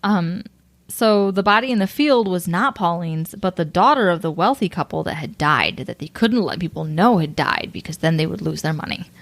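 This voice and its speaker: A woman's voice: lowish voice, animated, normal speed. Woman telling a true-crime case. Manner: reads case notes with hesitant fillers and giggles. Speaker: podcast co-host. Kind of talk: casual true-crime chat.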